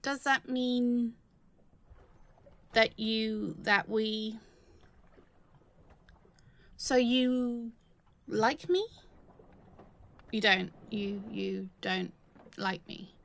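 A young woman speaks straight to the listener in an audio role-play. She talks slowly in a slightly high voice, halting, stammering and restarting as she swears her way through heavy feeling. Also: steady tone, gravelly.

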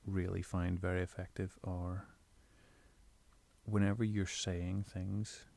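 A man in his bedroom giving casual spoken tips on voice recording, explaining in a relaxed, rambling way. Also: sits low, slow, vocal fry, no room sound. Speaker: audio creator giving tips. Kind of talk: casual instructional talk.

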